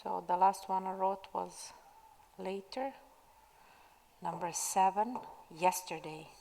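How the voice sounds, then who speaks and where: A woman's voice: medium pitch, fairly even intonation, takes it slowly, vocal fry, warm tone, long reverb tail, a little hiss or hum, rough recording. A woman teacher recording a spelling lesson for pupils at home, dictating words patiently from her classroom. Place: classroom at school.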